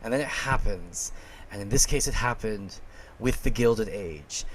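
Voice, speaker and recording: A man co-hosting a podcast in casual chat, excitable and rambling, often breaking into laughter. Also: on the low side, a little slow, husky. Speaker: podcast co-host.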